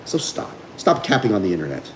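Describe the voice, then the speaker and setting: A man's voice: on the low side, sing-song, fast, slight background noise, low-quality recording. A man hosting a livestream as a dog trainer, talking bluntly and combatively while reading viewer comments.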